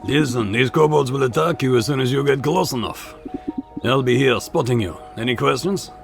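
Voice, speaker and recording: A man playing a gravelly, steady mountain guide in a game, firm and instructive as he leads a newcomer. Soft game music sits underneath. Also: medium pitch, moderate pace, pitched above the performer's own voice, natural voice. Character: gruff middle-aged male mountain guide and trainer.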